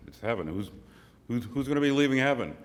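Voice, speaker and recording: A man voicing a weary, deadpan male gatekeeper saint in a joke, in an echoey hall. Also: medium pitch, fast talker, pitched above the performer's own voice, lightly acted. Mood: exasperated. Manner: deadpan, exasperated.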